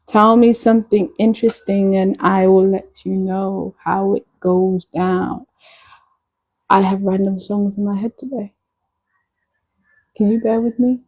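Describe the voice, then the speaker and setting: A woman's voice: mid-range voice, dark tone, poor audio. Playful flirty woman chatting live. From Nigeria. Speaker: live streamer. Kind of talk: casual live-stream chat.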